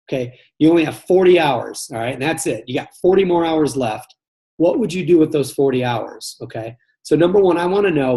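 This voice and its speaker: A man leads a live webinar for salespeople, speaking in a somewhat high voice. He is earnest and direct, circling back and repeating phrases as he works out what he means. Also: a little mellow. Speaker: sales coach hosting a live training call. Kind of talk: live webinar coaching talk.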